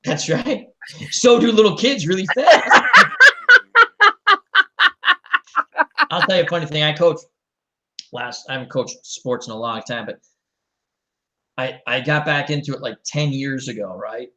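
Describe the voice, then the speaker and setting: A middle-aged man hosting a casual chat, telling a long story in a rambling, animated way and acting out the quotes. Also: fairly high pitch, moderate pace, rough recording. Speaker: show host.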